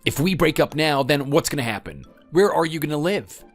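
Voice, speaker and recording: A man's voice: fairly high pitch, lively intonation, fairly quick, soft background music. A man voicing a defensive husband who insists he did enough for his wife and begs her not to leave. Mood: pleading. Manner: defensive, then pleading. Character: defensive husband pleading to save his marriage. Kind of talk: text-message story dramatization.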